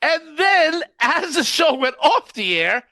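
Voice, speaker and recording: A man hosting a casual chat show, ranting and exasperated, with frequent laughs. His voice sits very high and sounds sharp and bright. The recording is dry and close. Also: very animated, slow pace, no room sound. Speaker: podcast host.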